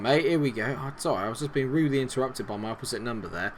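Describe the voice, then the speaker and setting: A man giving chatty, excitable commentary over a football management game and talking to his viewers. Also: medium pitch, rapid-fire, hardly any pauses, slight background noise. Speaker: gaming video host.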